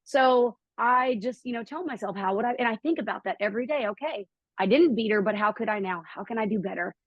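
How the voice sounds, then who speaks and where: A middle-aged woman telling a personal story as a podcast guest, acting out quotes with lively jumps in her voice. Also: quick pace, no echo, muffled recording. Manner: animated, acts out quotes with lively pitch jumps.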